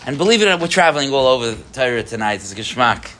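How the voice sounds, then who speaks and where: A man teaching a Torah class to a live group, animated, with rhetorical questions and frequent restarts. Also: mid-range voice, racing, slight background noise.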